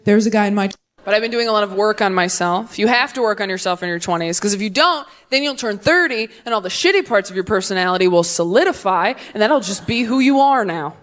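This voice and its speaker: A young woman doing a stand-up set with crowd work, chatty and animated, drifting into tangents and catching herself. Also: mid-range voice, fast, few pauses. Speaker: stand-up comedian. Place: comedy stage before a live audience. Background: audience laughter.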